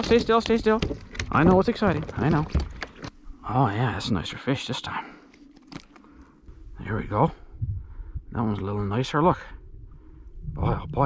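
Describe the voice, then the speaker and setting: A man on a pond in a kayak, giving casual running commentary while fishing and calling excitedly to his dog and his viewers. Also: mid-range voice, background noise. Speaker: outdoors vlogger.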